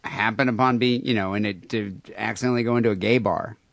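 A man's voice: lowish voice, fairly even intonation, fast, vocal fry, no echo. A man co-hosting a comedy podcast, riffing on crude jokes in casual banter full of "I mean" and "you know". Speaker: podcast co-host.

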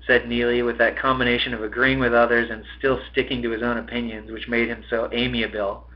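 A man reads a novel aloud in an expressive, mid-pitched voice and curses casually when he stumbles. The audio is slightly muffled. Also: fairly quick. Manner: expressive reading, breaks off to swear at his own slips. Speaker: podcast host reading a novel.

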